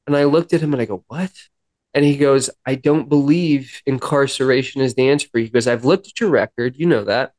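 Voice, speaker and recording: A man guest on a podcast, earnestly telling a personal story and acting out dialogue, with halting restarts. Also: medium pitch, darkish tone, no echo. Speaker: podcast guest, musician in recovery. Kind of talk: personal storytelling in a sit-down interview.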